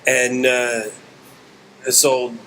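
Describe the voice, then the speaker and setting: A man from West Virginia hosting a podcast, telling comedy stories in a dry, deadpan way. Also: medium pitch, drawn-out words, a little hiss or hum. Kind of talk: casual storytelling.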